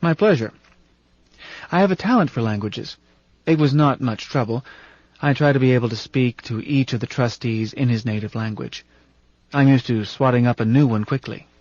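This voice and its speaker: A composed, courteous male chairman speaking in precise, formal sentences, read by a man in an audiobook. The voice sits at an ordinary pitch for a man. The sound is slightly muffled and completely dry. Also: darkish tone, dry recording, natural voice. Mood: measured. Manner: polite, precise and measured. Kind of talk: audiobook character reading. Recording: dull, dry studio recording.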